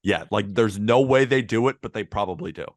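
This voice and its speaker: A man co-hosting a casual sports podcast, chatty and quick to laugh, on a close mic. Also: lowish voice, dry recording. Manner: animated, laughs often, chatty. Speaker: podcast co-host.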